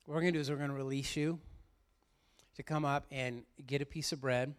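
A man's voice: medium pitch, fairly even intonation, brisk, smooth. A middle-aged man, a pastor, giving an earnest, heartfelt sermon and speaking directly to his congregation in church. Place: church sanctuary.

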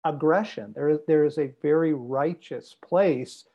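A man's voice: fairly high pitch, a little slow, muffled recording. Emphatic preacher-like man. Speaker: guest speaker on men's development. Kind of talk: podcast conversation.

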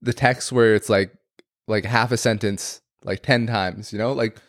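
A man's voice: lowish voice, steady tone, unhurried, no echo, clean studio sound. A man in casual conversation, rambling and hesitant, filling his talk with "like.". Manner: rambling, hesitant, heavy use of "like". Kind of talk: casual chat.

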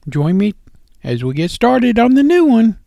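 A man hosting and narrating a children's animal story in a gentle, expressive storytelling manner. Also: very high voice, unhurried, vocal fry, no echo, muffled recording.

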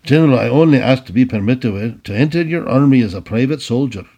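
A man's voice: mid-range voice, expressive, quick pace, dark tone, dull audio. A man voicing a bold, earnest young soldier. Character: young male Scottish soldier, bold and polite.

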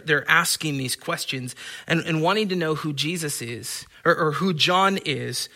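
A man's voice: fairly high pitch, sharp tone. A man preaching a sermon in an earnest, emphatic way, often stammering and restarting his phrases. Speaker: pastor.

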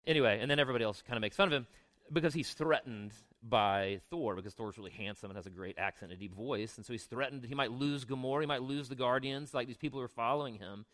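A younger pastor preaches a sermon in a relaxed, conversational style, mixing scripture readings with asides and questions to the congregation. He has a mid-range voice and speaks at a quick pace.

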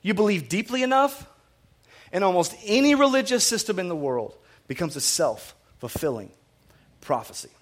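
A man with a fairly high voice delivers a sermon in a loose, conversational way. He doubles back on his words and corrects himself, and he slips in jokes and personal asides between points about faith. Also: very animated, moderate pace. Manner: conversational, self-correcting and repetitive, with asides and humor. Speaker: pastor.

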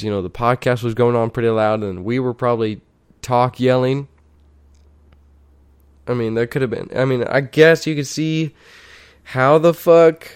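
A man's voice: mid-range voice, a little mellow, clean tone, dry recording, clean studio sound. A young man telling a story in a casual, rambling way, swearing often and restarting his sentences.

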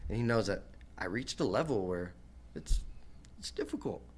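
A young professional fighter, a man, telling stories from his career in a casual podcast interview, animated and swearing, acting out the voices of the people he quotes. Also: fairly low pitch, moderate pace, a little hiss or hum. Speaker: professional MMA fighter guest.

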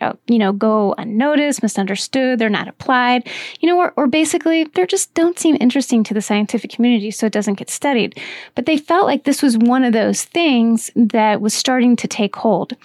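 A middle-aged woman hosts a podcast in a chatty, storytelling way, dotted with casual fillers. Her voice sits a little high. The sound is close and dry, with no room around it. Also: a little mellow, no echo. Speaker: podcast host. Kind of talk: casual explanatory podcast talk.

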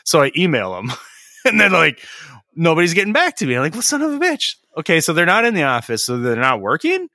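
A man's voice: fairly high pitch, huge pitch swings, brisk, bright, forceful tone, no room sound, clean studio sound. A middle-aged man on a podcast, a licensed tradesman who rants bluntly, swears freely and acts out the exchanges he describes. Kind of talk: casual podcast chat.

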